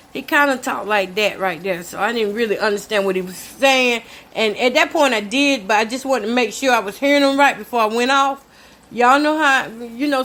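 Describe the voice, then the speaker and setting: A woman's voice: high-pitched, fairly bright tone. An older woman hosting a casual vlog, telling a story in a chatty, emphatic way while cooking. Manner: chatty, emphatic, addresses listeners as y'all. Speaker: show host. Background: talks while cooking.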